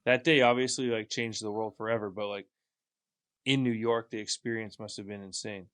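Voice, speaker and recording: Soft-spoken male interviewer. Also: on the low side, steady tone, fairly quick. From Canada. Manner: soft-spoken, filler-heavy questions. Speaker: interview host. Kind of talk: casual interview.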